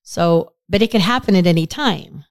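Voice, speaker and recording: Speaking at normal speed, this podcast co-host keeps things casual, telling stories and acting out quotes with dramatic jumps in her voice. It's studio quality with no room sound.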